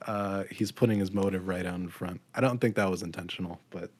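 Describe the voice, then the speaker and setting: Low voiced dude ranting casually about an album, lots of ums, super dry audio. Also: male voice, steady tone, a little fast, a little mellow, no echo. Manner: blunt and critical, with frequent ums. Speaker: podcast co-host. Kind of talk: casual album review chat.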